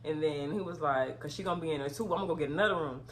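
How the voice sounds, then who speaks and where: Young woman, casual storytime vlog, lowish voice, breaks into loud outraged retellings. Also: very fast, a little hiss or hum. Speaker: vlogger.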